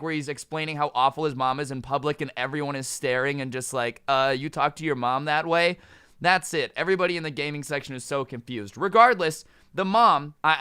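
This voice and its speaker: A man's voice: a little high, bright, forceful tone, clear, resonant tone, no room sound, studio quality. A man telling a storytime vlog in a casual, joking, sarcastic way. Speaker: storytime YouTuber.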